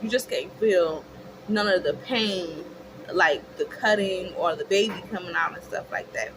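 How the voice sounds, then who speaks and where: A young woman telling a chatty, expressive storytime to her viewers, calling them y'all. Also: fairly low pitch, a little slow. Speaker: vlogger. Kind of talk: casual storytime. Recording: clear background noise.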